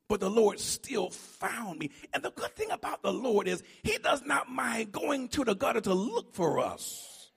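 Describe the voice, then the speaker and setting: A male preacher delivering a sermon, swinging between hushed teaching and shouted, emphatic preaching with repeated phrases. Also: high-pitched, big pitch swings, normal speed, vocal fry, hardly any pauses, husky.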